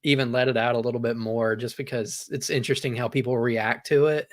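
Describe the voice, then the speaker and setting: A man's voice: mid-range voice, fairly even intonation, a little fast. A man from Georgia with a Southern accent, chatting easygoing on a podcast, hedging with "like" and "I don't know". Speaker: podcast regular. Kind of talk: casual podcast chat.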